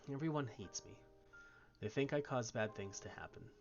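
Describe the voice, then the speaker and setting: A man voicing a lonely young woman who speaks quietly and despairingly. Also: mid-range voice, lively intonation, moderate pace, vocal fry, muffled recording, faint music behind.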